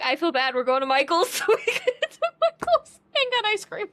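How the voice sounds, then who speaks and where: A woman's voice: extremely high pitch, moderate pace, hardly any pauses, a little hiss or hum. A young woman co-hosting a podcast, chatting casually and acting out family quotes as she tells stories. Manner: lively storyteller, acts out quotes. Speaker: podcast co-host. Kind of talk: casual chat.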